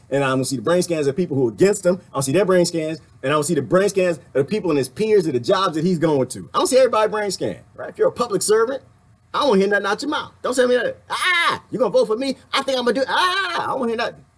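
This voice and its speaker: Guy ranting on his vlog, husky, voice jumps all over, kinda high. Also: very fast. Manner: animated, laughing, talks to a viewer by name. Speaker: vlogger. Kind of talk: casual rant to camera.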